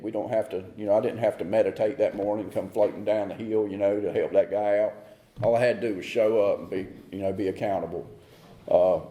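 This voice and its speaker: Man, mellow dark tone, rambling with fillers, roomy echo. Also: on the low side, a little hiss or hum. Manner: rambling, many fillers and restarts. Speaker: AA speaker. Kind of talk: recovery talk.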